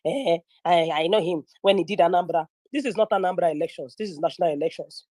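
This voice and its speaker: A young woman from northern Nigeria speaks with a Nigerian English accent as a guest in an online audio room, her fairly low voice coming through a phone or headset in a dry recording. She tells a casual story quickly and with lots of life, chatting away, slipping into pidgin and acting out the voices of the people she quotes.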